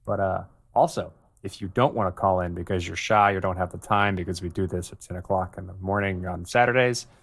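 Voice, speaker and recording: Male co-host with a very low voice, candid and rambling in casual chat. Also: brisk, creaky, few pauses, a bit bright. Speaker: podcast co-host.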